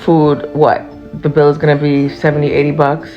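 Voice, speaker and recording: Low-voiced woman lecturing dismissively. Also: completely flat delivery, moderate pace. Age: adult. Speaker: commentator. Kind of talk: dismissive social media rant. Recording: dull clip with music behind.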